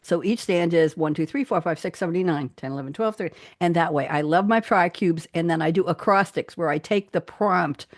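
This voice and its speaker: A woman's voice: on the low side, a little fast, few pauses, dry recording, clean studio sound. Upbeat chatty woman reading her poems. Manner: chatty and upbeat, laughing often. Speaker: guest poet. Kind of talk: conversational interview, reading own poems aloud.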